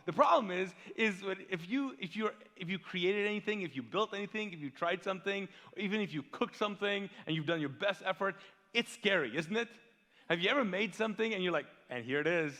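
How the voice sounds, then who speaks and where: Male pastor, high voice, lively sermon delivery full of rhetorical questions, long reverb of a church hall. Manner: animated, asks the congregation rhetorical questions; self-deprecating and playful. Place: church auditorium.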